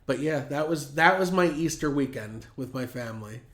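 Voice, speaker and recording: Man, podcast host, bright tense voice, animated swearing storyteller, roomy echo. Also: medium pitch, moderate pace. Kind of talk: casual podcast chat.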